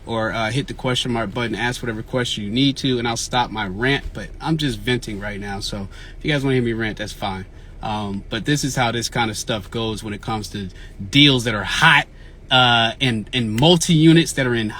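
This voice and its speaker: A man talks into his phone outdoors as the host of his weekly real estate Q&A livestream. He vents, frustrated, and keeps repeating himself. His voice is bright and forceful at a mid pitch. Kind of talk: casual livestream chat, venting. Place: outdoors in the field.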